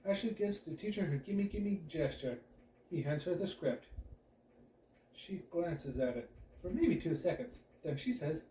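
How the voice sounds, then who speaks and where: A man reads a children's novel aloud with a lively, expressive storytelling delivery. His voice sits a little high and moves around a great deal. The recording is roomy and distant from the mic, with a faint hiss underneath. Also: a little slow.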